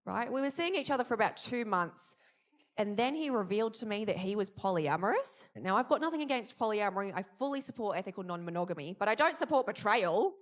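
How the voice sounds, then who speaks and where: A woman performing a stand-up set with punchy, animated joke delivery. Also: medium pitch, quick pace. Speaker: stand-up comedian.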